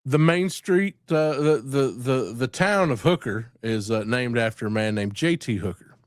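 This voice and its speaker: A man's voice: mid-range voice, lively intonation, moderate pace, no echo, studio quality. A man hosting a casual live stream, rambling and joking with frequent laughter. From southern United States.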